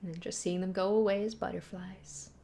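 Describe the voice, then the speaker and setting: A woman hosting a casual read-and-react video, chatting and giggling as she goes. Her voice sits at an ordinary middle pitch. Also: fairly even intonation, normal speed, vocal fry, dark tone. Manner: chatty and giggly, laughs often. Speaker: manga read-and-react host.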